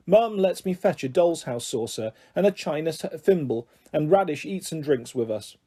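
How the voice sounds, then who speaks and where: Reading a children's novel aloud, a male audiobook narrator uses a gentle, expressive storytelling style at a moderate pace. His voice is high for a man, mellow and warm, with a soft, breathy huskiness throughout.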